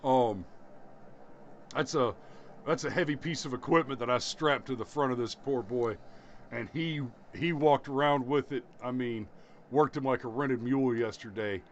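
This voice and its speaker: A man's voice: medium pitch, normal speed, highs cut off, slight background noise. A man hosting a podcast, telling rambling stories in a casual chat and laughing at his own jokes. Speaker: podcast host.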